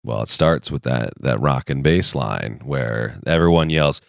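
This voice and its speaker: A man's voice: rumbling low, measured pace, vocal fry, dry recording, studio quality. A man in his thirties co-hosting a casual podcast, telling rambling, enthusiastic stories. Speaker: podcast co-host. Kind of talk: casual chat.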